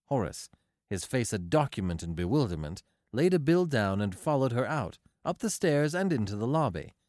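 Man reading a novel out loud, lively expressive voice, dry close mic. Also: mid-range voice, moderate pace, dry recording. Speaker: narrator. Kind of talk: audiobook narration of literary fiction.

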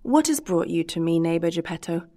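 A woman's voice: on the low side, animated, fairly quick, warm tone, close to an everyday voice. A woman voicing a stubborn old male carpenter who answers in short, dry retorts. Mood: wry.

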